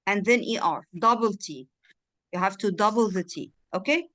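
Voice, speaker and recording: A woman's voice: medium pitch, moderate pace, a bit bright. A woman, a native Arabic speaker, tutoring in English over a video call, patiently drilling words and checking the student understood. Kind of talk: one-on-one online lesson.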